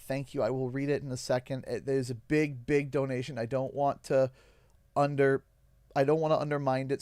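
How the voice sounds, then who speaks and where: Young canadian guy on stream, choked up and halting, dry close mic. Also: mid-range voice, darkish tone, no echo. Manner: halting, emotional, pausing often. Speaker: livestream host. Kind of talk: emotional storytelling on a game stream.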